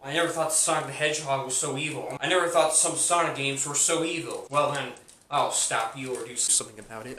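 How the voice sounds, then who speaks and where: Brief: repetitive man rambling through a game review, bright voice, roomy echo. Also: medium pitch, fairly quick. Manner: repetitive, rambling, many fillers. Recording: roomy echo, distant mic, faint hum.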